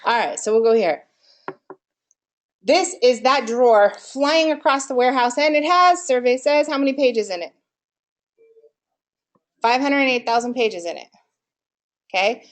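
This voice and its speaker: A woman's voice: a little high, unhurried, long pauses. A woman giving a live marketing workshop in a room with an audience, quizzing listeners and asking them for answers as she goes. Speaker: marketing presenter.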